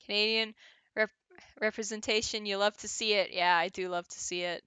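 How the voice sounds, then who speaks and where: A woman's voice: mid-range voice, steady tone, brisk, bright, forceful tone, clean tone, dry recording. A woman streamer chatting casually while playing a game, giggly and swearing now and then.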